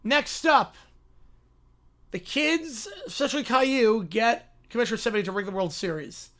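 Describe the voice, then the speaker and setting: A man hosting a live stream, reading a fan story aloud in a quick, offhand way. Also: very high-pitched, a bit bright.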